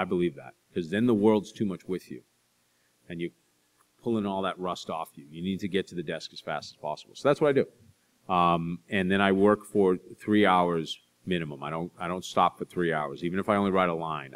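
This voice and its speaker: A man speaking as an author at a public library talk, conversational with dry humor, often restarting his sentences. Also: low-pitched. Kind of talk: casual talk with Q&A.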